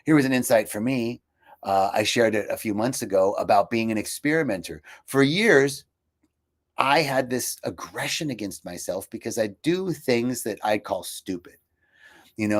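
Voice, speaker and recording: Man, mid-pitched voice, casual reflective talk with restarts and fillers; brings quoted voices to life. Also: moderate pace. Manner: reflective, personal storytelling with frequent fillers and restarts; quotes himself and others in lively voices. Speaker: speaker for a healing retreat.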